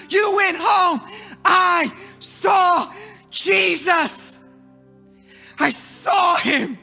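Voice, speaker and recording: Guy doing a crying woman yelling her news, way up high and slow, gravelly. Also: exaggerated voice. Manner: shouting through tears, breathless and ecstatic. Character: weeping woman, overjoyed witness crying out.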